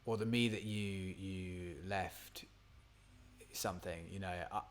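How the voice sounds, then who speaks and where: A man's voice: low-pitched, fairly even intonation, slow, a little hiss or hum. A man talking casually while writing a song, thinking aloud, trailing off and trying lines under his breath. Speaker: singer-songwriter streaming a songwriting session.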